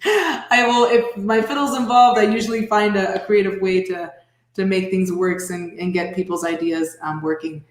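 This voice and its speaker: A woman's voice: medium pitch, fairly even intonation, moderate pace, echoey room. A woman talking as a guest fiddler and music teacher in casual chat, laughing often as she speaks. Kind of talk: casual chat on a live show.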